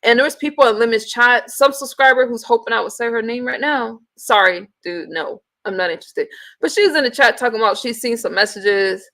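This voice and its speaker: Woman, fairly high voice, casual livestream host, blunt and profane, chats with viewers between rants. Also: fairly quick, a bit bright. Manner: blunt, profane, greets chat viewers mid-rant.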